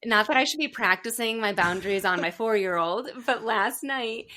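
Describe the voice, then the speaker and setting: A woman's voice: a little high, expressive, normal speed, bright, forceful tone. A young adult woman hosting a podcast interview, telling stories in a chatty, casual way. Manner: chatty storyteller, acts out quotes. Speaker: podcast host.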